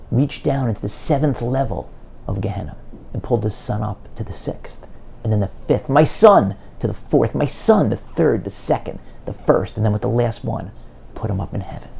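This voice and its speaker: Gravelly-voiced man telling a moving story. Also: medium pitch, mellow, slight background noise. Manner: dramatic storytelling, voice rising when quoting. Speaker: speaker. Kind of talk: inspirational speech.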